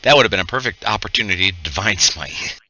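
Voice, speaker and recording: Deep, bright-toned male game master. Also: fast talker. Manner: relaxed, chuckling, calls out hits and rulings. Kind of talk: running an online tabletop game.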